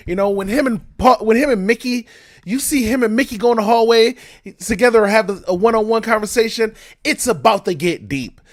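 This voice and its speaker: A man's voice: sits high, fairly quick. A young man hosting a movie reaction video, talking to his viewers in casual commentary, exasperated and swearing often.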